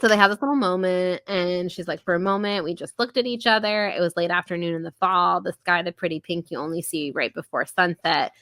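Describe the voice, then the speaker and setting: Chatty millennial woman, bright dry voice. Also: fairly low pitch, dry recording. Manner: chatty, filler-heavy, laughs often, paraphrases scenes in quick voices. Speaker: podcast co-host. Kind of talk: casual book-review chat.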